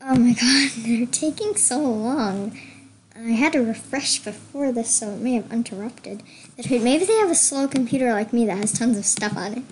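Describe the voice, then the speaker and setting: A young woman chatting excitedly through casual gameplay commentary, gushing and chatty. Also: fairly high pitch, moderate pace, a little hiss or hum. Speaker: gamer.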